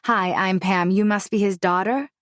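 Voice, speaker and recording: A woman's voice: medium pitch, steady tone, normal speed, no echo, studio quality, close to an everyday voice. A woman voicing a flirtatious, brash brunette at a party who talks in a crude, catty way.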